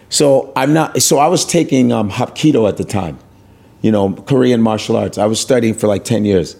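A man's voice: fairly low pitch, fairly quick, vocal fry, mellow. A man, a stand-up comedian, telling a story as an interview guest with lots of swearing, acting out the other people's voices. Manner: profane, acts out voices in his anecdotes.

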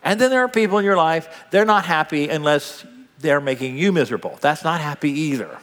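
Lively older male preacher in a hall. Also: a little high, a little fast. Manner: animated storytelling, swinging between loud and hushed. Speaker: pastor. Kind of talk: sermon. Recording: long hall reverb.

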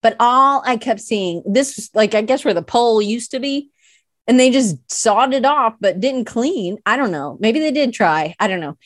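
A woman with a slightly high, expressive voice speaks at a moderate pace in a dry, studio-quality recording. Hosting her podcast in casual chat, this illustration teacher rambles playfully, often at her own expense, with plenty of "like" fillers.

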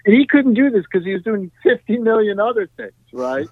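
A man, a guest musician, telling animated stories in a podcast interview, full of "you know" and "right?". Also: high-pitched, fairly quick, no room sound. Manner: animated, tag questions, frequent "you know". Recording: tinny dry phone-like line.

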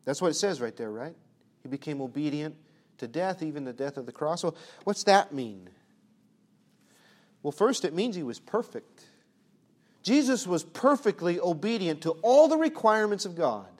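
Guy preaching w a high voice, rhetorical questions, goes quiet then loud. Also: very animated, normal speed. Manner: emphatic, swings from hushed to loud. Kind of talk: sermon.

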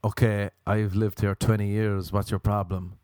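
A man's voice: lowish voice, flat delivery, moderate pace, mellow, clean tone, dry recording. A young man hosting a podcast, rambling through comic stories, swearing freely and acting out the voices in them. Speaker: podcast host. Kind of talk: casual comedic monologue.

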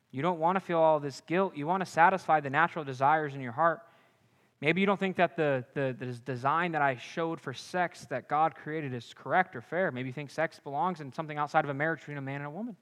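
High-voiced young man preaching earnestly. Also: animated, brisk. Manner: earnest, direct, shifts between loud punchy lines and quiet confiding ones. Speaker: campus ministry preacher. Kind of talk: sermon.

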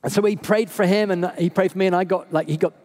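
Emotional, chatty preacher with a high-ish voice. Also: male voice, fairly even intonation, fast talker, a little mellow. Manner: conversational, emotional storytelling with frequent laughs. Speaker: priest. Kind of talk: sermon. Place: church service.

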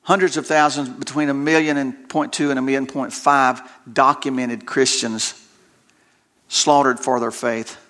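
A man's voice: mid-range voice, level tone, a little slow, fairly bright tone. A male preacher delivering a sermon, retelling scripture stories dramatically and often repeating words as he restarts his sentences.

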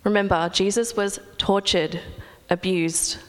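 A young woman preaching a sermon in an earnest, measured way, with reflective pauses. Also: mid-range voice, steady tone, in a large hall.

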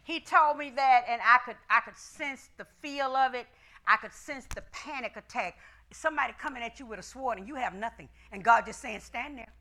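Woman pastor preaching hard, high bright voice, black speech, shouts a lot. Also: a little fast. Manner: shouting, call-and-response preaching. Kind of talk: sermon.

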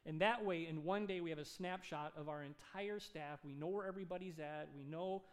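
A male pastor preaching a sermon, telling a story with animated delivery and acted-out dialogue. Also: fairly high pitch, fairly quick. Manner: animated, acts out dialogue in his stories.

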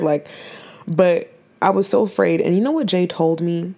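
21-year-old woman, podcast host, lowish voice with lots of fry, earnest and near tears, stumbles and repeats herself. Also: brisk, a little mellow. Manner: earnest, faith-filled, repeats and restarts phrases. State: holding back tears. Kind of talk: emotional personal testimony.

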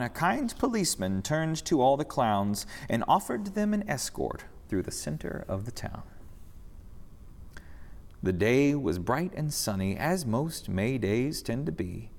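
Expressive man reading a rhyming story. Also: mid-range voice, gravelly. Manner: expressive, sing-song storytelling. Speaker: reader in a church service. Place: church sanctuary. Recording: reverberant church hall.

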